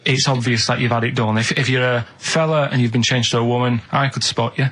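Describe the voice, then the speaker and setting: A man's voice: medium pitch, fairly even intonation, a little fast, a bit bright. A man chatting as a regular on a radio show, telling stories in a plodding, matter-of-fact way from a studio. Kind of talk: casual radio chat.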